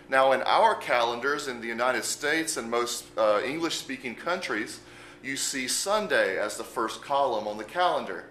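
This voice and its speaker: A man's voice: medium pitch, fairly bright tone, echoey room, slight background noise, poor audio. A man giving an unscripted language lesson, speaking patiently and spelling words out letter by letter. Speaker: Spanish teacher.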